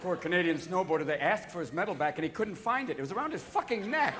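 A man's voice: high-pitched, lively intonation, heavy background noise. Manic, profane male stand-up comic. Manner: manic, profane, rapid shifts of voice. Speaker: stand-up comedian. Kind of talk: live stand-up comedy. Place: theater stage. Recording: live theater, audience laughter.

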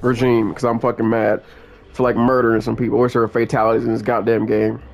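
Angry and profane, a young man rants at the game while commentating as a channel host, with game music in the background. He speaks quickly in a medium-pitched, gravelly voice with flat delivery.

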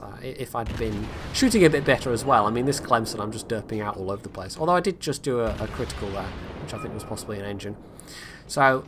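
A man's voice: mid-range voice, noisy background. A man giving casual, self-critical commentary over his own game replay, rambling with frequent restarts. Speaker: gameplay commentator.

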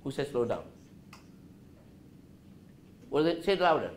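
A man speaks to a college class with a lively, swinging voice, asking the students questions and dropping low and soft to show calm. The sound is roomy, with faint noise in the background. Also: measured pace. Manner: animated, asks the audience questions, drops his voice low to show calm. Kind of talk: interactive talk to students.

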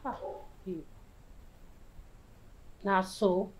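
A Nigerian actress playing a loyal friend who pleads and soothes, mixing in Pidgin. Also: female voice, mid-range voice, fairly even intonation, drawn-out words, heavy background noise. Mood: pleading. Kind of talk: film acting.

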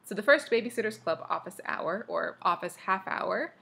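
A woman's voice: medium pitch, expressive, moderate pace, vocal fry, sharp tone, husky. A woman reading a first-person story aloud, dropping offhand asides of her own. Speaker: audiobook reader. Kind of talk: first-person audiobook narration.

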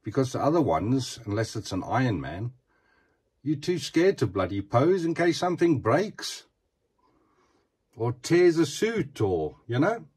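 A man's voice: mid-range voice, very animated, a little slow, a little mellow, breathy edge. A man chatting casually as he shows off an action figure, often asking the viewer "eh?". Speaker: action figure collector showing a figure. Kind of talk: casual show-and-tell vlog.

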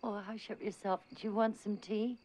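A woman's voice: medium pitch, fairly even intonation, moderate pace, a little mellow, natural voice. An actress playing an older woman who fusses over her partner in a scolding but affectionate way. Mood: fussing.

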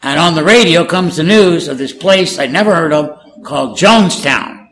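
A man's voice: fairly high pitch, normal speed, low-quality recording. An older man, a native Spanish speaker, telling stories casually in an interview and acting out the people he quotes. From California. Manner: animated storyteller, acts out quoted dialogue. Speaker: guest, former war correspondent.

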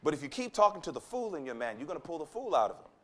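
Male preacher, high and animated, emphatic and repetitive, acts out quotes. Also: racing. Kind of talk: sermon. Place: conference hall.

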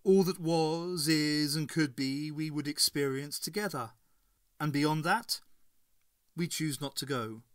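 Man doing a grand godlike entity, slow and solemn, raised voice, storybook reading, dry. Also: on the high side, a bit bright, dry recording. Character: vast godlike collective entity, calm and grand.

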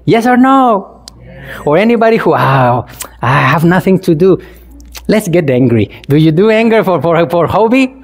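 A man's voice: high voice, darkish tone. A man, a Buddhist monk, giving a playful dharma talk to a congregation, chuckling and asking the listeners questions in non-native English. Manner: playful, chuckles often and asks the audience questions.

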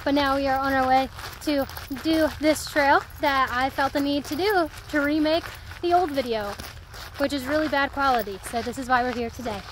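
A young woman vlogging outdoors on a wooded trail, chatty and excitable, with sudden loud exclamations. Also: sits high, normal speed, noisy background. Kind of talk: casual hiking vlog.

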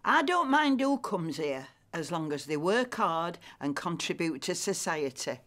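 A woman's voice: on the low side, very animated, a little slow, a bit bright. A woman playing an older, chatty grandmother, gossipy and easily amused.

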